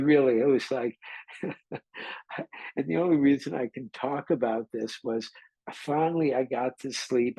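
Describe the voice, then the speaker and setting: A man's voice: mid-range voice, mellow, breathy edge, dry recording, low-quality recording. A man, a meditation teacher, giving an informal dharma talk and telling a candid, rambling story with mild swearing.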